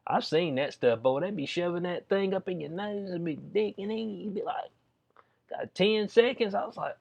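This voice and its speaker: A man's voice: high voice, normal speed, vocal fry, darkish tone. A man giving casual commentary, reading news aloud and riffing on it with slang and jokes. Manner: slangy, joking, reads news aloud and riffs on it. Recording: dull lo-fi audio.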